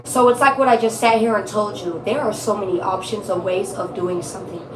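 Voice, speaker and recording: A woman's voice: mid-range voice, a little fast, reverberant, far from the mic, noisy background. A woman giving a casual tarot reading, blunt, emphatic and profane, repeating her points for stress. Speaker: tarot reader.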